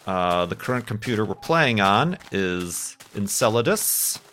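A man in his thirties talks loosely while he plays, wandering from thought to thought and laughing at himself. His voice sits on the low side, and a faint hiss runs under the recording. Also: expressive, measured pace, fairly bright tone. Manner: rambling, self-deprecating, laughs often. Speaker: gaming YouTuber. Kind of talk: casual chat over gameplay.

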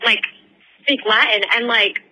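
A podcast host tells a story in casual chat on a headphone microphone, her voice on the high side, pushed and bright, and a little slow. She swears constantly and rambles with many fillers, and the recording quality is low.

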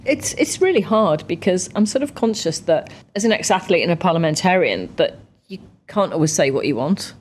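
A woman from the UK, a guest in a conversational interview, chatty and lively when telling stories. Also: on the low side, a little fast, few pauses. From United Kingdom. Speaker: interview guest, parliamentarian and ex-athlete.

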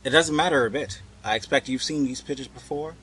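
A man's voice: mid-range voice, fairly quick, a bit bright, a little hiss or hum, voice pushed up, lightly acted, poor audio. A man voicing a grave, mocking grown wanderer in a storybook reading, with a dry, sardonic delivery.

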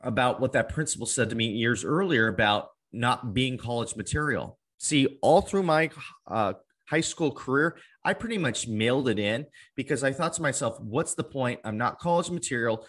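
A man's voice: medium pitch, lively intonation, moderate pace, a bit bright. A man in his twenties telling his life story as an interview guest, earnest and acting out old conversations. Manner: earnest, acts out past conversations in quotes.

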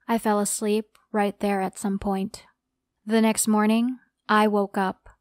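A woman's voice: medium pitch, no echo, clean studio sound. A woman narrating a dramatic first-person story in an earnest, dramatic telling.

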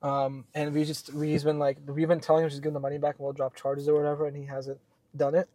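Young male co-host, slightly high voice, dry close sound, rambling animated storyteller. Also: fast talker, no echo. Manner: animated, swearing, many fillers. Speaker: podcast co-host. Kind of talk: casual storytelling chat.

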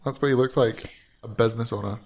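A man's voice: medium pitch, steady tone, quick pace, a little mellow. A Scottish man co-hosting a casual podcast, teasing his friend with dry jokes. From Scotland. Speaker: podcast co-host. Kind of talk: casual banter.

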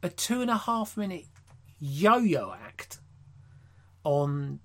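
A man's voice: a little high, big pitch swings, slow pace. A man co-hosting a casual comedy podcast, sardonic and sweary, laughing often as he reviews a show. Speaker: podcast co-host.

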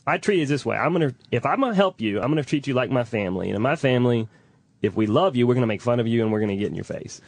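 A blunt, self-assured man who talks fast and gets straight to the point. His voice sits at an ordinary pitch and is recorded dry and close, with no room sound. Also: expressive, gravelly, no room sound. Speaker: professional hoarding cleaner, podcast guest. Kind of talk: casual podcast conversation.

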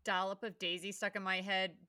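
A woman's voice: medium pitch, level tone, fairly quick, pushed and bright, clear, resonant tone, no echo, clean studio sound. A woman co-hosting a podcast, chatting casually and giggling often. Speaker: podcast co-host. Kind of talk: casual chat.

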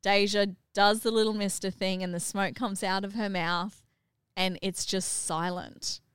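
A middle-aged woman hosting a family podcast, animated and laughing as she retells a family story. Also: mid-range voice, unhurried, smooth, no room sound, clean studio sound. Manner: animated, acts out what others said, laughs while telling. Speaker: podcast host and mother.

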